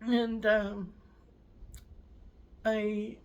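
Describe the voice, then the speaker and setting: Slow, halting woman vlogger. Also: mid-range voice, flat delivery, a little mellow, dull audio. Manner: halting and emotional, many fillers and restarts. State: tearful. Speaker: channel host. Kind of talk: personal vlog.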